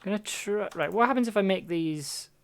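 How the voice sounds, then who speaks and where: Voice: mid-range voice, brisk, clean tone, no room sound. A music producer streaming live, casually thinking aloud and testing ideas by trial and error, with a self-deprecating manner. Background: faint music playback.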